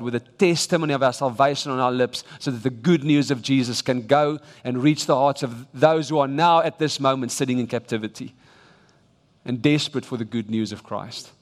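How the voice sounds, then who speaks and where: A man with a South African English accent preaching a sermon with emphatic, exhorting delivery and frequent restarts. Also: mid-range voice. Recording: long reverb of a large church hall.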